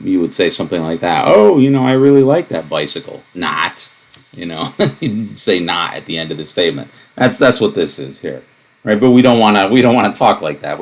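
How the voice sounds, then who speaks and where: Low-voiced man giving a math lecture. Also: poor audio. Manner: relaxed and explanatory, with many fillers and asides. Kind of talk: recorded lecture.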